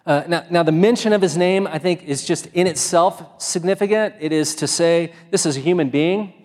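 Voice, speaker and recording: A man delivers a sermon in a loose, conversational way, often restarting his sentences. His voice sits a bit high for a man. The sound rings with the long reverb of a church sanctuary. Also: normal speed, darkish tone. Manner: conversational, many fillers and restarts. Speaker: pastor.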